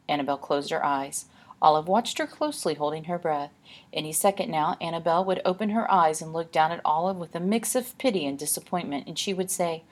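A woman narrates an audiobook in a calm, measured storytelling manner. Her voice is on the lower side and slightly husky.

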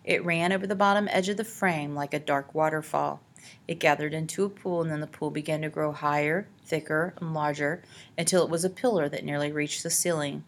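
Audiobook narrator: woman, lowish voice, dramatic storytelling delivery. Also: fairly even intonation, fairly quick. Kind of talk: scripted narration.

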